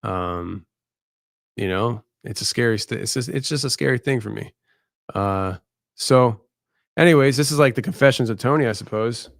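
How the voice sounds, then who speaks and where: A tired man hosting a late-night live show, talking in a halting, rambling, candid way. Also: mid-range voice, gravelly, no echo, studio quality. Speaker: podcast host.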